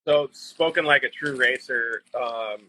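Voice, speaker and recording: A man's voice: mid-range voice, measured pace, bright, forceful tone, slightly rough, poor audio. A man hosting a casual live-stream chat show, enthusiastic and rambling with lots of fillers. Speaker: show host.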